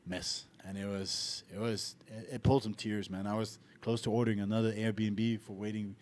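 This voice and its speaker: Guy cohosting a podcast, swears a lot, animated joking stories. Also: on the low side, normal speed, slight background noise. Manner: profane, joking, animated storytelling. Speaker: podcast co-host. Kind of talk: casual chat. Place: abroad, living in Tallinn.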